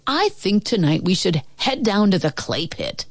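A woman's voice: mid-range voice, sing-song, normal speed, breathy edge, no room sound. A woman voicing a playful, teasing middle-aged father in a read-aloud story. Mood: jovial. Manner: teasing, jovial.

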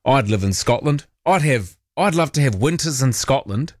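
A man's voice: mid-range voice, animated, moderate pace, no echo, studio quality. A man hosting late-night talkback radio, chatty and opinionated, with sarcastic asides. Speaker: radio talk show host. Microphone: close studio mic.

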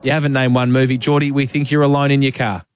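A man's voice: mid-range voice, little pitch movement, fast talker, music in the background. An Australian man hosting a radio show, playfully teasing a caller in casual chat. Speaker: radio host.

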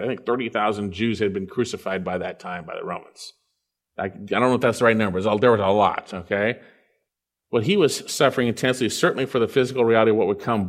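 Earnest male preacher reading scripture. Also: fairly low pitch. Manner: earnest, swells loud on key phrases then drops quiet. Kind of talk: expository sermon with scripture reading.

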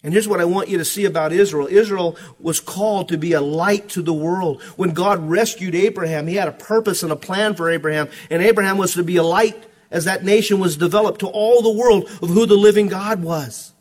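Husky high-voiced man preaching a sermon. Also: a little fast, few pauses. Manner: swings from hushed to ringing preaching. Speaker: pastor.

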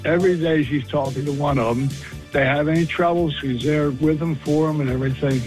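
A man's voice: on the high side, fairly quick, darkish tone, faint music behind, poor audio. An older man speaking in a plain, folksy way, telling how proud he is of his wife.

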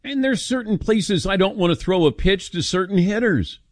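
With clean studio sound and no room noise, this middle-aged man talks at a moderate pace while running a call-in sports talk show. He pushes his opinions hard and animatedly, his voice jumping in pitch whenever he wants to drive something home.

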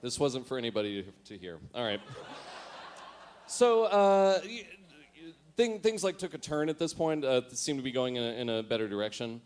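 A man's voice: mid-range voice, big pitch swings, normal speed, darkish tone, a little hiss or hum. A man giving a comic reading of his teenage diary. He mocks his own writing and laughs at himself as he goes. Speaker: storyteller.

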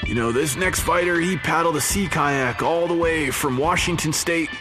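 A man's voice: fairly high pitch, normal speed, voice pushed up, lightly acted. A man putting on the voice of a growling fight promoter announcing a boxer to a crowd, over guitar music.

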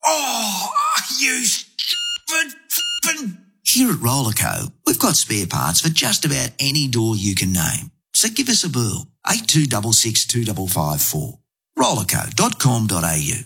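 A man's voice: fairly low pitch, wildly swooping pitch, normal speed, vocal fry, fairly bright tone, breathy edge. A man narrating a comic radio ad in a wry, conversational way. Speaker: advertising voice-over.

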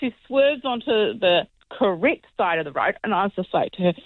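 A woman's voice: on the low side, lively intonation, a little fast, no echo. A woman calling into a radio show, telling a story animatedly and acting out the voices of the people in it. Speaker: caller. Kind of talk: casual phone chat. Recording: phone line.

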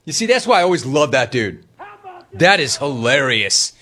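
A man's voice: mid-range voice, sing-song, moderate pace, heavy background noise. A man hosting a sports talk show, mocking rival fans with a teasing, laughing manner and reading chat messages aloud. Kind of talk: sports talk radio commentary.

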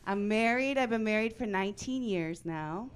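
A woman in her forties performing a stand-up comedy set on a club stage, with a deadpan, punchy delivery and sudden loud bursts. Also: mid-range voice, normal speed, noisy background.

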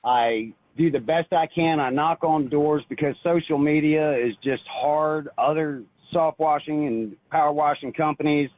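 A man calling in to a radio show and telling a personal story in an earnest, halting way, with many restarts. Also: a little high, no room sound. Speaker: caller. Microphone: phone. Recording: tinny phone line.

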